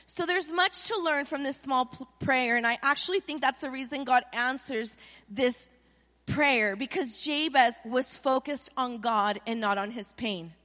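Woman, middle-aged, pastor, sermon, high voice, call-and-response delivery, church hall echo. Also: unhurried. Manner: animated preaching with call-and-response. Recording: long reverb of a church hall.

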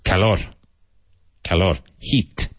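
A man from Ireland, teaching a vocabulary lesson and repeating each word slowly and clearly. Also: low-pitched, dry recording. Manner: slow, emphatic repetition of each word. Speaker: English teacher.

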